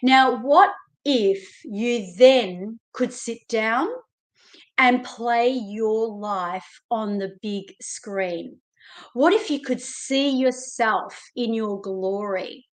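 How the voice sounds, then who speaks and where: A woman with an Australian accent gives a motivational talk to her viewers. Her voice sits a little high and she takes her time, leaning hard on key words and addressing the listener directly. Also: extremely slow. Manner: emphatic, animated, speaks directly to listener. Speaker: self-help coach.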